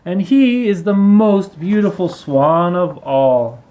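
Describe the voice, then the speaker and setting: A man reading aloud, voicing a friendly little girl who speaks in a bright, eager way. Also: high voice, takes it slowly. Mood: cheerful.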